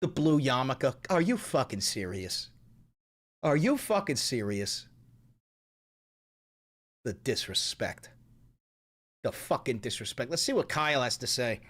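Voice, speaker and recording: A male streamer rants through live commentary, swearing constantly and mocking what he reacts to. His pitch swings widely from low grumbles to sharp jabs, and his delivery stays sarcastic and blunt. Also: big pitch swings, measured pace, long pauses. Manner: profane, sarcastic ranting.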